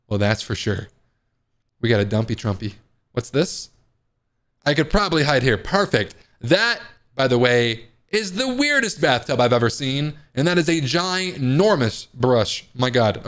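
Playing through a horror game, a man offers relaxed let's play commentary as a gaming video host, cracking jokes between panicky outbursts. His voice is medium-pitched, fairly bright and unhurried, with lively intonation.

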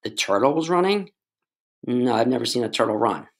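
A man's voice: mid-range voice, animated, brisk. A man tutoring English, explaining grammar in a casual, playful way with jokes and asides to his students.

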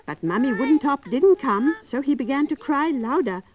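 A woman narrating a story for young children in a gentle, coaxing way, talking straight to them. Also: high voice, animated, normal speed, highs cut off.

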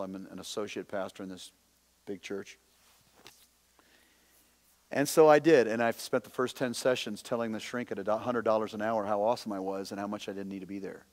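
A man teaching in a preaching style, impassioned, swinging between loud emphasis and hushed, confessional storytelling. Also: lowish voice, in a large hall. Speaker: instructor.

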